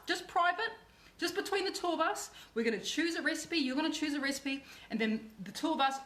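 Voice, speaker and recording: A woman hosts a livestreamed cooking demo in a bubbly, effusive way. Her voice sits a little high for a woman. She tends to circle back and repeat her words. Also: a bit bright. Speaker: cooking show host.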